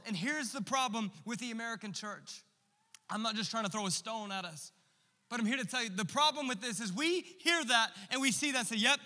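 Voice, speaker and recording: A man's voice: very high voice, sharp tone. A man in his thirties preaching a sermon in a church, impassioned and conversational, with casual asides to the congregation. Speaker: pastor. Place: large church hall. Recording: long church-hall reverb.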